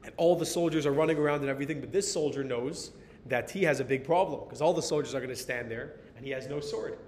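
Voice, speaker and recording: American man telling a sermon story. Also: fast talker. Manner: animated storyteller dropping in Hebrew and Yiddish words. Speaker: Torah teacher. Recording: reverberant hall with faint rumble.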